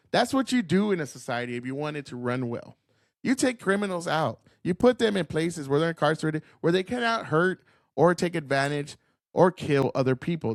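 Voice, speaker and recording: A man's voice: fairly high pitch, no room sound, clean studio sound. A man hosting a political commentary stream, ranting in an angry, profane, combative way.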